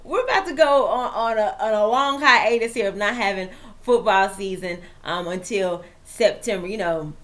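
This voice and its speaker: A woman hosts a chatty football vlog, speaking at a medium pitch and moderate pace. She's lively and playful, tossing in dramatic asides, and she's also an author.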